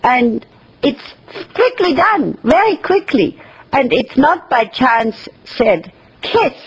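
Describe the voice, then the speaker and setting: A woman with a very husky, breathy voice gives an inspirational talk on loving yourself. She speaks slowly, with pauses and soft laughs. Her pitch sits a little high and rises and falls a great deal. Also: poor audio. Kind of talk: inspirational self-love talk.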